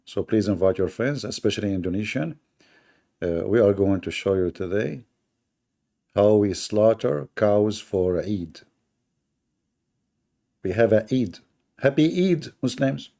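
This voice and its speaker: A man's voice: lowish voice, a little slow, creaky, long pauses, warm tone. A man hosting a debate livestream, talking sarcastically and mockingly to his chat.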